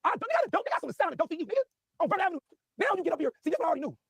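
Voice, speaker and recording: A man ranting casually in heavy slang, repeating himself as he talks fast through a story. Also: very high voice, sing-song, gravelly, a bit bright, no echo. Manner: rapid, slangy, repetitive. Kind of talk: casual rant.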